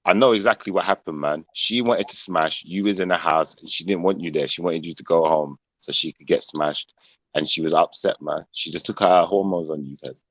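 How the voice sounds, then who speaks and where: A very deep-voiced man joins in with a laid-back, teasing remark. The recording is dry. He sounds unhurried and amused. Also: fairly bright tone, dry recording. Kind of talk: casual chat.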